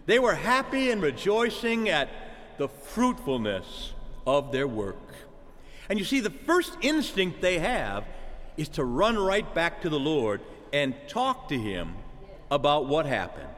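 A man delivers a sermon in a high, lively voice that climbs and falls widely. He calls out to the congregation as "church" and asks for an amen. The sound carries a long reverb from a church hall. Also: measured pace. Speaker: preacher.

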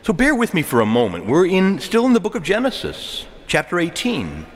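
A man preaching a sermon, animated and joking, asking rhetorical questions to his listeners. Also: high voice, moderate pace. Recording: long echo of a large hall.

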